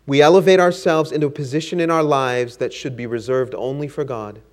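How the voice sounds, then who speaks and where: Man preaching, earnest, stacks up lists in a steady rhythm. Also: mid-range voice. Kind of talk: sermon.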